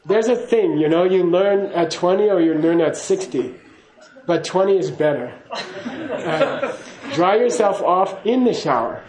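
A man's voice: high-pitched, expressive, measured pace, darkish tone, roomy sound, poor audio. A man giving a casual spoken teaching to a class, chatty and laughing, often checking in with "okay?". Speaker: Buddhist teacher.

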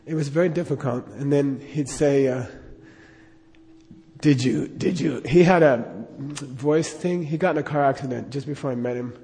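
A man's voice: medium pitch, fairly quick, few pauses, warm tone, long reverb tail. A middle-aged man telling a personal anecdote in a rambling way, with lots of fillers and chuckles. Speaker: storyteller.

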